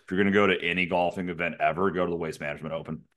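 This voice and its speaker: A man with a very deep voice co-hosting a casual podcast. He talks bluntly, teasing his co-host and cursing freely as he makes his points. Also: fairly even intonation, racing, fairly bright tone. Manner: blunt, joking, swears freely. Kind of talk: casual chat.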